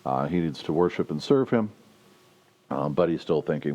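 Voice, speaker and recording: Deep-voiced pastor teaching a Bible study. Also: male voice, animated, warm tone. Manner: halting, restarts often, acts out quotes with raised pitch. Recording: dull lo-fi recording.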